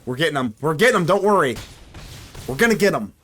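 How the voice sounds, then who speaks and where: A man hosting his channel, giving live gameplay commentary in a chatty, excitable way, thinking aloud as he plays. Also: a little high, fast. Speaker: card game streamer and channel host.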